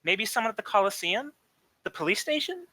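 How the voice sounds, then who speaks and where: A man's voice: high voice, very animated, brisk, bright, forceful tone, no echo, heavily acted. A man voicing a polite, fretful flying hero with a genteel, courteous way of talking. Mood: hurried.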